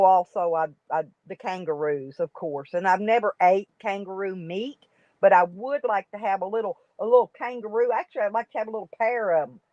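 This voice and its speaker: An American woman hosts a live stream, chatting casually and rambling as she reads viewers' comments. Her voice sits at a medium pitch with a darkish tone. The lo-fi stream audio is dry, dull and free of echo.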